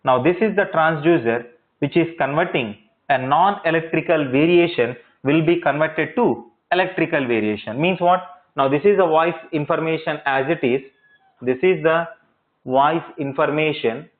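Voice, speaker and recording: A man's voice: on the high side, normal speed. A male lecturer teaching in a classroom, repeating points and checking understanding with rhetorical questions. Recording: tinny phone-like audio.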